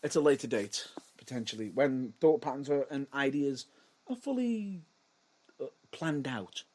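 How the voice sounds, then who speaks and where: A man's voice: medium pitch, expressive, unhurried, a little mellow. A man co-hosting a podcast in casual chat, rambling and giggly, often breaking off mid-sentence. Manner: rambling, giggly, self-interrupting. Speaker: podcast co-host.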